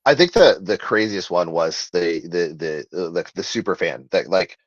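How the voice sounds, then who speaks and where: A man's voice: sits low, lively intonation, measured pace, no echo. A man being interviewed as an author, talking casually in long rambling sentences full of fillers and restarts. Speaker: author guest. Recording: slightly dull, lo-fi sound.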